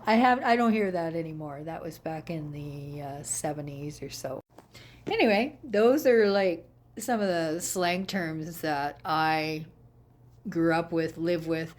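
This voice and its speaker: A woman's voice: fairly low pitch, darkish tone. A Canadian woman from Edmonton with an Albertan accent, chatting casually in a rambling way, full of fillers and restarts. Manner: chatty, rambling, fond of filler and self-corrections. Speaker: vlogger. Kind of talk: casual chat.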